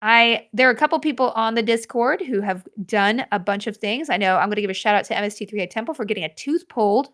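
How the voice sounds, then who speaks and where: A woman hosting a solo podcast, chatting casually with self-deprecating, animated asides. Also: fairly high pitch, fast talker, few pauses. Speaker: podcast host.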